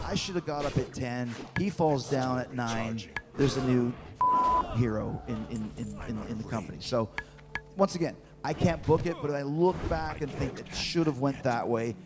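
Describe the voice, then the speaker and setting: A middle-aged man, a guest in an interview, telling lively anecdotes with repeated words. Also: mid-range voice. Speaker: guest, former wrestler. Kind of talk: storytelling in an interview. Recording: long reverb with faint music.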